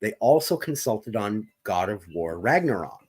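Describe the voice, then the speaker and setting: Animated, ranting man. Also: on the low side, normal speed, slightly rough. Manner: heated, profane ranting; wordy, formal vocabulary. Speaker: podcast co-host. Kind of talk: opinionated gaming discussion.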